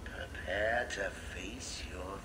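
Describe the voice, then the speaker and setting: A man's voice: low voice, fairly even intonation, takes it slowly, sharp tone, exaggerated voice. An actor playing a menacing male villain who gloats and mocks. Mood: taunting. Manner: gloating, mocking.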